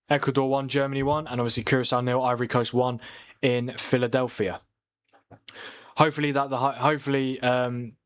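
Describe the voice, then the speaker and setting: A young man hosting a casual football watchalong stream, chatting with viewers and reading their comments. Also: mid-range voice. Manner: chatty, reads viewer comments aloud, laughs often.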